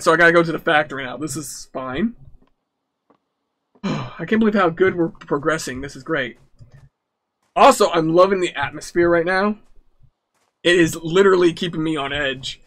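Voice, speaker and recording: A young man jokingly commentating his horror game playthrough, nervous and excitable. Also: a little high, moderate pace, pauses often. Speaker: gamer. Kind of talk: let's-play commentary.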